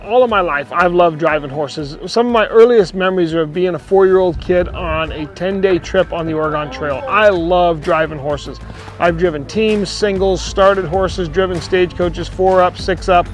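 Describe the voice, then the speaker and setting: High-voiced man teaching horsemanship. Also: normal speed, soft background music. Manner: plainspoken, repeats phrases, voices the horse's thoughts. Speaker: horsemanship clinician. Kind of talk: outdoor teaching monologue.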